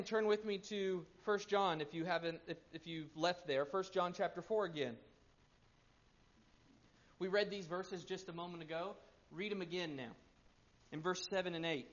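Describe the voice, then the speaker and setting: A pastor in his thirties preaching a sermon, swinging between loud emphasis and hushed, quiet stretches. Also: sits high. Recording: muffled lo-fi sermon recording.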